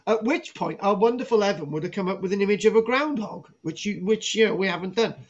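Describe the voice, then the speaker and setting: A man's voice: high-pitched, fast talker. A middle-aged man giving a rambling, jokey archaeology lesson on a live stream, teasing his co-host and restarting his sentences. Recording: dull lo-fi home stream audio.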